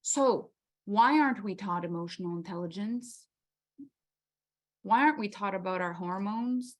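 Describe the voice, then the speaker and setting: A woman's voice: medium pitch, normal speed. Impassioned woman leading a masterclass. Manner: impassioned, rhetorical questions, acts out inner voices. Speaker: masterclass host. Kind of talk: motivational workshop talk.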